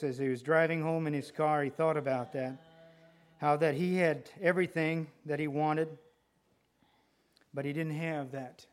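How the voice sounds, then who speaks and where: A male preacher delivering a sermon with a deliberate, emphatic manner, often repeating phrases for effect. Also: on the high side.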